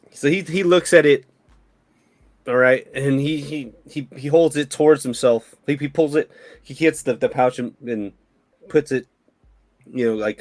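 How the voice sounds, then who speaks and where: Male DM, rambling narration, mid pitch, dry close sound. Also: no room sound. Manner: rambling with many restarts. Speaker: dungeon master. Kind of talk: narrating a tabletop game.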